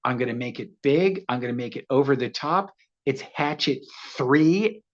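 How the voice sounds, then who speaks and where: Man, 60s, guest storyteller; animated, laughs a lot, acts out voices; slightly muffled audio. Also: medium pitch, quick pace. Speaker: actor guest. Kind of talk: casual interview storytelling.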